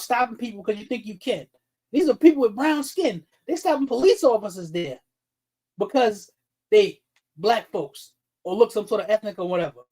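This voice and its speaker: A very high-pitched, darkish male voice comes through poor audio. He hosts a livestream commentary rant, heated and blunt, loaded with profanity, and names viewers in the chat as he goes.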